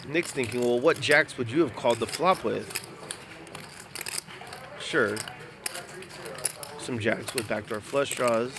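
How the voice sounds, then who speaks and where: A man doing live commentary over a high-stakes card game. He speaks at a middle pitch and stays measured and analytical. A clear layer of background noise sits behind his voice. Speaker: poker commentator.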